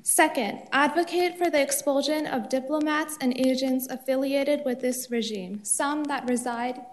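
A woman's voice: high voice, normal speed, a little hiss or hum. A woman reading an earnest prepared statement as a public commenter at a city council meeting.

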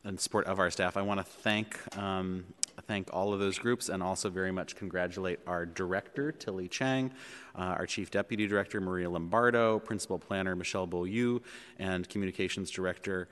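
A man chairing a public board meeting, speaking in a measured way with frequent ums and uhs, in a large chamber. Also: low-pitched, steady tone, fairly bright tone, clear, resonant tone. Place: legislative chamber in city hall. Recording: long reverb of a large chamber.

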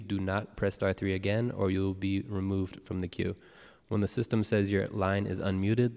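A man serving as clerk, reading the roll and announcements briskly. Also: deep voice, gravelly, darkish tone. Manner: brisk and procedural. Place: city hall chamber. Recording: long reverb of a hall.

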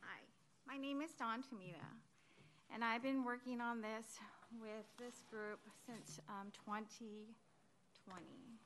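A high-voiced woman speaks at a council meeting podium, close to crying. She pleads in a rambling, emotional way and keeps losing her composure. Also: slow pace, a bit bright, slight background noise. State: near tears. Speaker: public commenter at a city council meeting. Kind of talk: emotional public comment. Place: council chamber.

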